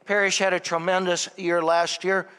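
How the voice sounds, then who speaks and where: A man preaching a sermon as pastor, often asking the congregation questions and swinging between loud emphasis and quiet reflection. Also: high voice, level tone, normal speed, smooth. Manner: asks the congregation questions, rising and falling emphasis. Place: church. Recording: long church reverb.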